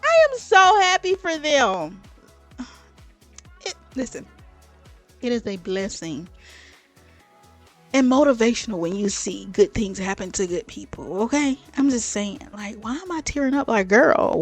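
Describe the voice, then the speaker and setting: A woman's voice: a little high, animated, moderate pace, a little mellow, soft background music. A woman hosting a reaction video, talking chattily and emphatically, repeating "okay?" and calling her viewers "baby". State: tearing up. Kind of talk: casual reaction commentary.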